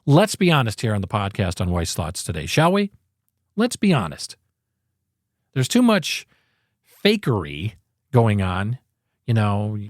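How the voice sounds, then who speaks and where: Animated, emphatic male podcast host. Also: mid-range voice, moderate pace, no room sound, studio quality. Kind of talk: casual solo podcast monologue. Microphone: podcast microphone.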